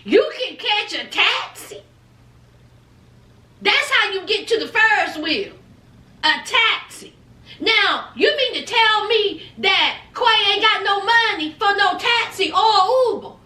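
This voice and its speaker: A woman with a very high, bright voice talks unhurriedly through a show recap, laughing and slipping into the cast's lines as she goes. She sounds a little distant from the mic in an echoey room. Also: animated. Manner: chatty, laughing, acts out the cast in quick quoted voices. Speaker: reality show recap vlogger. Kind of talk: casual recap commentary.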